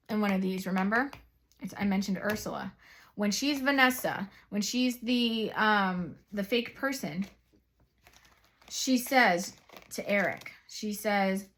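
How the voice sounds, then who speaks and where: Woman doing a psychic card reading, talks right at the viewer, chatty and excitable, wanders off on tangents, mid-pitched voice. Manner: excited, chatty, rambling asides; addresses viewers directly. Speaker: psychic reader. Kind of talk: tarot reading video.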